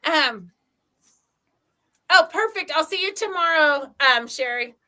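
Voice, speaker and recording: High-voiced lady host rambling on a live sewing show, bright sound, says um a lot. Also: lively intonation, takes it slowly. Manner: chatty, rambling with many ums. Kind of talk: casual live-stream chat.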